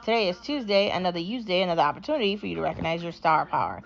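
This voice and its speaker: A woman's voice: on the low side, very fast, creaky, few pauses. Upbeat woman hosting a motivational podcast. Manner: upbeat, encouraging, repeats mantras. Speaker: podcast host. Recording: slightly dull lo-fi audio with faint hiss.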